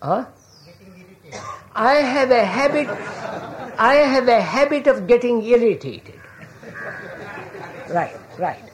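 A woman's voice: on the high side, expressive, slow, long pauses, a little hiss or hum. Woman giving a thoughtful talk, voice goes up and down a lot, keeps asking do you follow, calls people sir. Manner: questioning, often checks if listeners follow; addresses listeners as sir. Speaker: public speaker. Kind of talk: reflective public talk to an audience.

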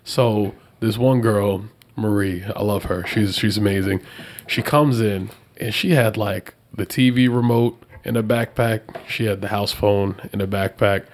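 A man guesting on a podcast, telling funny stories in a lively, laughing way and acting out kids' lines. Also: fairly low pitch, a little slow. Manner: animated, laughing storyteller who acts out kids' voices. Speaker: podcast guest, jiu-jitsu instructor. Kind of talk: casual storytelling.

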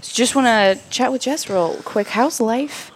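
A woman's voice: a little high, a little slow, slight background noise. A woman co-hosting a podcast, chatty and laughing often as she asks questions. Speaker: podcast co-host. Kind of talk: casual chat.

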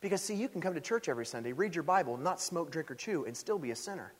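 A man preaching a sermon in a church sanctuary, telling stories in an animated way and rising loud when stirred. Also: on the high side, fast. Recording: echoey hall.

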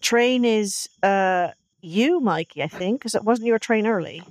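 A woman's voice: medium pitch, a little slow, a little mellow, no room sound. A woman playing in a comedy podcast game, working things out aloud in a methodical way. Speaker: player.

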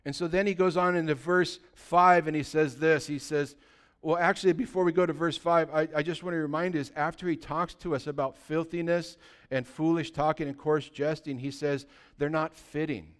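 A middle-aged man preaching a sermon as pastor, conversational and animated, full of rhetorical questions. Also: on the high side, moderate pace, clear, resonant tone.

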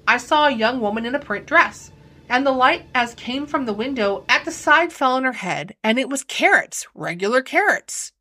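Earnest young maid, deferential and rustic, bright lively voice, read by a woman narrator. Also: high voice, normal speed, no echo, full character voice. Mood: earnest, uneasy. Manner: rustic servant speech, deferential. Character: timid young housemaid, uneducated, earnest.

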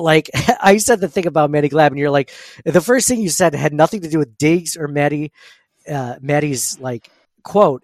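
A man hosts a casual sports podcast, rambling along with plenty of fillers and quick laughs. His voice sits fairly high for a man. The sound is close and dry, with no room around it. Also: no echo. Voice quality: says he has an annoying voice. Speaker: podcast host.

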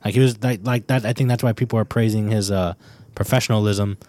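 A man in a casual podcast chat who talks hesitantly and thinks aloud, pausing on "uh" and "like". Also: fairly low pitch, steady tone, warm tone.

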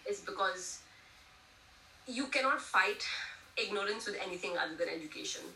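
A woman's voice: mid-range voice, lively intonation, moderate pace, sharp tone, slight background noise. A young woman in her twenties from India, speaking as an interview guest, telling stories animatedly and using many "you know"s. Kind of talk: casual conversational interview. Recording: echoey room, distant mic, faint ambience.

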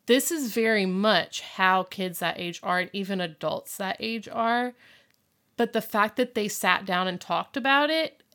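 A woman's voice: medium pitch, measured pace, a bit bright. A woman co-hosting a podcast, casually recapping a TV episode and acting out the characters' lines with lots of "like" fillers. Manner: chatty, many "like" fillers, acts out quotes. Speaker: podcast co-host.

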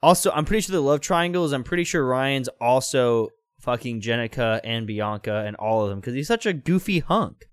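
A man hosting a comedy podcast, narrating fan fiction and riffing on it in chatty asides. His voice sits at an average pitch. The sound is dry and close. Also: expressive, a little fast, hardly any pauses, smooth, dry recording. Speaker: podcast host, reader. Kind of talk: casual comedic reading and banter.

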